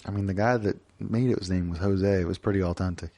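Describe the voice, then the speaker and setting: A man's voice: deep voice, steady tone, fast talker, warm tone. A man co-hosting a podcast in casual chat, joking and rambling with lots of restarts. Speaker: podcast co-host.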